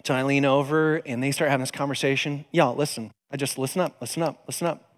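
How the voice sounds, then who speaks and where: A man's voice: mid-range voice, fast talker. A man preaching in a conversational, storytelling way, acting out the voices in his stories. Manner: animated, conversational, acts out voices in quotes. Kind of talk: storytelling sermon. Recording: long hall reverb.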